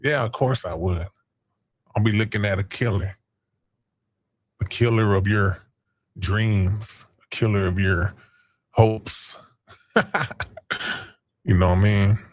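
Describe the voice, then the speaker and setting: A man's voice: on the low side, steady tone, takes it slowly, pauses often, a little mellow. A man hosting a casual livestream, taunting chat users in crude, profane slang. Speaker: stream host.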